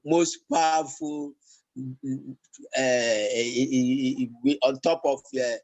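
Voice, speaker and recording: Man, language teacher, mid-pitched, slow and halting with lots of fillers. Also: low-quality recording. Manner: slow, halting, with many fillers and repeated words. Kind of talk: classroom lesson.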